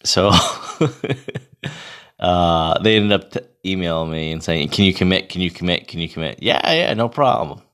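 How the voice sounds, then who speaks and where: A man in his thirties telling a casual, profane, animated story about himself. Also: low voice, unhurried, clean tone. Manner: profane, animated, self-mocking.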